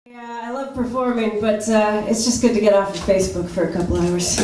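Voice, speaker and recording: A woman comedian performing a wry stand-up set on a club stage, building to loud punchlines. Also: mid-range voice, fairly even intonation, normal speed. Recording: echoey club room with crowd laughter. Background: audience laughing.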